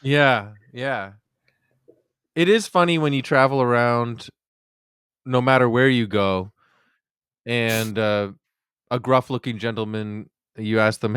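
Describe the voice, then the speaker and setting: A man co-hosting a podcast, telling relaxed, playful stories from a comedy tour in casual chat. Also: medium pitch, slow, long pauses, clean tone, no room sound, clean studio sound. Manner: relaxed storytelling with playful asides.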